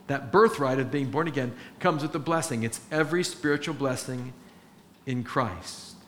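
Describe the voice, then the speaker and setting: Guy preaching a sermon, earnest, gets emphatic, slight background hiss. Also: a little high. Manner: earnest, building to emphatic exhortation. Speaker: pastor.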